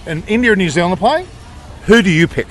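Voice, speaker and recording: A man's voice: high voice, animated. A man interviewing people on a busy street, upbeat and chatty. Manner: upbeat, chatty, quick-talking. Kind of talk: vox pop street interviews.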